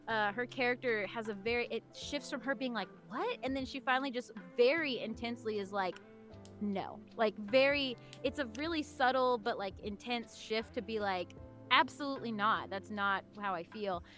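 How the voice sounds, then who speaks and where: Chatty woman on a panel, bubbly, kinda high voice, faint music behind. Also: fairly bright tone. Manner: bubbly, chatty, lots of "like" and laughs. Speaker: anime voice director on a panel. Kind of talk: casual panel chat.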